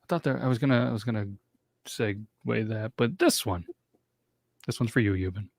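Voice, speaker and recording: A man's voice: mid-range voice, a little fast, creaky, a little mellow. A man co-hosting a podcast in casual chat, laid-back and laughing along. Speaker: podcast co-host.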